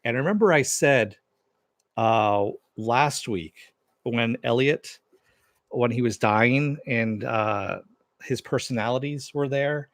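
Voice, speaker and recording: A man's voice: mid-range voice, slow, no room sound, clean studio sound. Man casually recapping a TV episode. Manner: loose retelling of scenes, paraphrasing dialogue with many fillers. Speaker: TV series reviewer.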